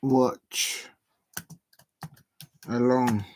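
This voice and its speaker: A man's voice: medium pitch, fairly even intonation, very slow, a little mellow, dry recording. London guy rambling on his football watch-along stream, typing and talking to himself, dry close mic. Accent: South London English. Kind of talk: casual live-stream chat.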